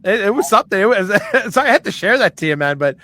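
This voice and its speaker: Animated storytelling man. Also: high voice, fast talker, no room sound. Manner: animated, swears freely, acts out quoted voices. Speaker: guest. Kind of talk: casual storytelling.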